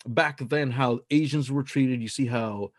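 A man's voice: medium pitch, a little slow, no room sound, clean studio sound. A man hosting a podcast in casual, loose chat, joking and swearing freely. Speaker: podcast host.

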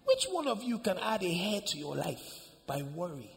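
A man pastor preaching, telling a story with sudden shouts and hushed asides. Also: sits high, big pitch swings, moderate pace, creaky, soft background music. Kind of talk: sermon. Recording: echoey hall, faint ambience.

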